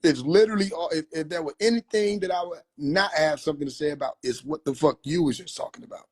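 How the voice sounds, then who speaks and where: A man's voice: a little high, fast talker, darkish tone, slightly rough. A man chatting casually on a phone livestream, loose and profane, laughing often. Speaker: livestream host.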